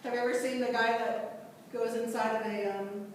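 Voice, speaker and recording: A woman's voice: fairly high pitch, moderate pace, recorded from a distance, slight background noise. Woman lecturing in an echoey hall. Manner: lively, asks the class questions. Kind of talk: classroom lecture.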